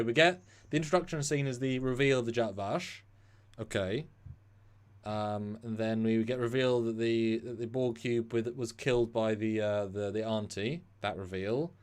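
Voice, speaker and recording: Guy rambling on a live stream, animated, sarcastic, mid-pitched voice. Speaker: co-host. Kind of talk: casual live-stream chat.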